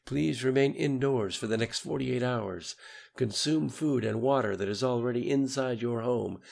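A man voicing a calm male emergency broadcast announcer, reading a formal alert in an audiobook. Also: mid-range voice, normal speed, vocal fry, pitched above the performer's own voice.

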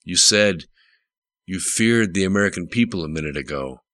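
Male narrator doing a frustrated president, emphatic questioning delivery, bright tone, dry sound. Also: sits low, animated, moderate pace, no room sound. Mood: demanding.

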